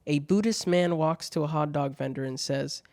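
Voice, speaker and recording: Chill guy going through bad jokes, swears a lot, dry close mic, kinda high voice. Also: moderate pace, darkish tone, no echo. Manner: laid-back, swears freely, laughs at bad jokes. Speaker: podcast host reading viewer questions. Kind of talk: casual solo chat.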